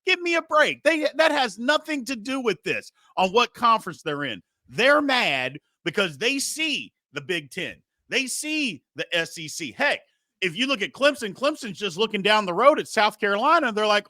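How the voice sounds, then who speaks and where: A man's voice: sits high, big pitch swings, normal speed, bright, forceful tone, no room sound. A male sports talk show host making heated, emphatic points with rhetorical questions.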